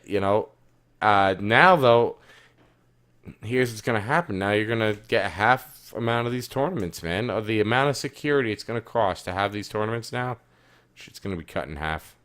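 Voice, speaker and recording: A man co-hosting a casual gaming podcast, swearing a lot and swinging between loud outbursts and low muttering. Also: clear, resonant tone. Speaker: podcast co-host. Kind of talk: casual chat.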